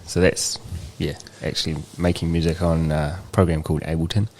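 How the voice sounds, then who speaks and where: Male DJ guest, New Zealand accent, very deep voice, easygoing and plainspoken. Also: flat delivery, brisk, noisy background. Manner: easygoing, plainspoken, many fillers. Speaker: DJ and music producer guest. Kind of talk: casual interview chat.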